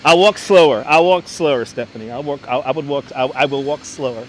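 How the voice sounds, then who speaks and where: Speaking fairly quickly at a medium pitch, a man hosts a live-streamed city walking tour and greets viewers by name in a chatty way. He sounds a little congested, as if under the weather. Faint street and traffic noise is audible on his wireless clip-on mic.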